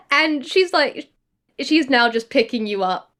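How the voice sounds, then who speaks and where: High-voiced playful woman gamer. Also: expressive, measured pace, a bit bright. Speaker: tabletop game player. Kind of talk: casual narration of a tabletop game.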